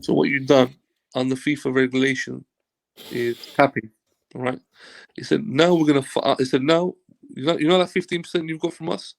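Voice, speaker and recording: A man's voice: medium pitch, normal speed, creaky. A man, a football agent, telling a casual anecdote as an interview guest, acting out dialogue and swearing freely. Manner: animated storyteller who acts out quoted dialogue and swears freely.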